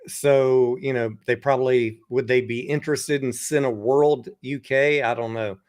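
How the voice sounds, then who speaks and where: Man, middle pitch, casual online chat, relaxed, hesitant, thinking aloud. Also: moderate pace. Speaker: co-host.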